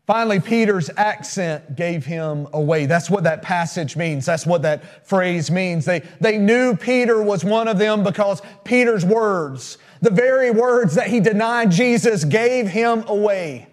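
A male pastor delivers a sermon in a notably high voice. He tells stories emphatically and keeps putting questions to his listeners. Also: expressive, unhurried. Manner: storytelling, emphatic, asks the congregation questions.

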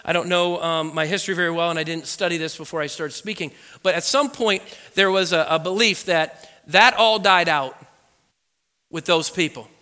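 A man preaching a personal testimony, telling the story with animated energy and acting out what people said. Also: a little high, moderate pace, clean tone, long reverb tail. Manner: animated storytelling, acts out quotes. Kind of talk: sermon testimony.

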